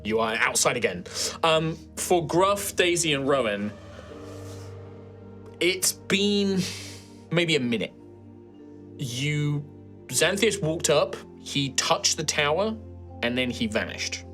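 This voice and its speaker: A man's voice: on the high side, sing-song, slow, long pauses, fairly bright tone, faint music behind. A man running a tabletop game, narrating in a loose, chatty way full of fillers. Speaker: game master.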